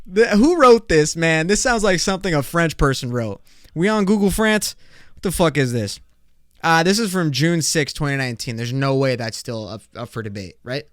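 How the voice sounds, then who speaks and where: Young guy ranting solo on his podcast, slangy and cussing, kinda high voice, dead dry mic. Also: normal speed, dry recording. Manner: profane, excitable, slangy. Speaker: podcast host.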